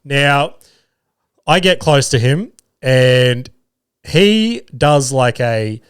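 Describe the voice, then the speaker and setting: A man's voice: medium pitch, animated, drawn-out words, clean tone, no room sound, clean studio sound. An Australian man in his thirties hosting a podcast, telling a rambling story in a casual monologue, swearing freely and poking fun at himself. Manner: rambling, swears freely, self-deprecating humour. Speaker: podcast host.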